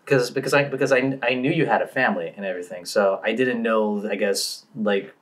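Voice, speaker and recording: A man's voice: fairly low pitch, brisk. A man hosting a casual podcast interview, asking questions hesitantly with many restarts. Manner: hesitant, restarts questions, short backchannel replies. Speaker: podcast host.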